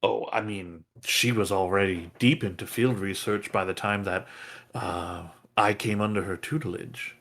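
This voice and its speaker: A man's voice: low voice, fairly even intonation, measured pace, gravelly, fairly bright tone, full character voice. A man voicing a former mage's apprentice who hedges constantly and keeps saying "I mean". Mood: evasive. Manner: hesitant, full of "I mean". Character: man, former student of a mage, evasive and rambling.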